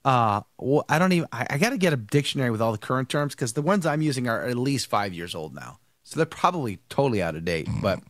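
A man's voice: medium pitch, very animated, fast talker, hardly any pauses, fairly bright tone, dry recording, clean studio sound. A man hosting a live news stream, nasal and congested from allergies, chatting casually and greeting viewers one by one. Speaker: host of a live news show.

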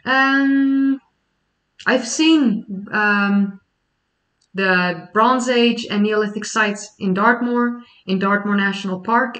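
A woman's voice: medium pitch, a bit bright, far from the mic, poor audio. A young adult woman from the Netherlands with a Dutch accent, chatting casually on a livestream and explaining history questions at length. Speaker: history YouTuber.

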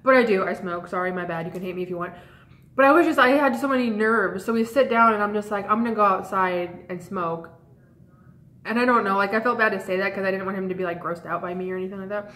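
A woman's voice: medium pitch, fast talker, a bit bright. Chatty young woman in an echoey room. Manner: chatty, rambling, lots of "like" and "um". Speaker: vlogger. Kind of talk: casual storytime chat.

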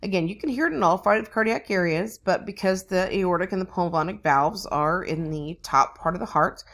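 Woman nursing instructor, low voice, gravelly, relaxed explanatory lecture, lots of ums. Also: moderate pace. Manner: relaxed, explanatory, frequent ums, chants rhythms. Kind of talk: recorded lecture.

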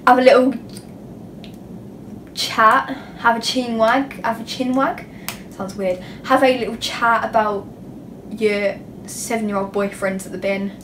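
A woman's voice: a little high, steady tone, unhurried, pauses often, recorded from a distance, background noise. Bubbly teen girl, roomy echo. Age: teens. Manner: bubbly, gushing, self-mocking. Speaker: YouTuber. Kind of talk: casual haul vlog.

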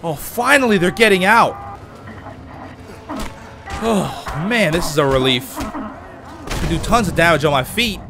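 A man hosting a let's play, commenting as he plays, with excitable, panicky exclamations under fire. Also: high-pitched, unhurried, vocal fry, long pauses, music in the background. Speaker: gaming channel host.

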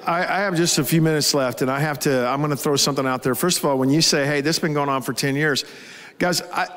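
A man, a pastor and host, telling a story to a live audience in a folksy, animated way. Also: a little high, fast, in a large hall.

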